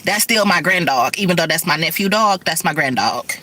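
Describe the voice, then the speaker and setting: Fast-talking, profane middle-aged woman. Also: fairly low pitch, animated, bright, forceful tone. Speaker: vlogger and rideshare driver. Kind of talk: casual chat to camera.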